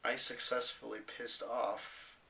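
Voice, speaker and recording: A teenage boy vlogging, casually telling a story with rambling fillers and animated retellings. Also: mid-range voice, takes it slowly, vocal fry, distant mic, a little hiss or hum, low-quality recording.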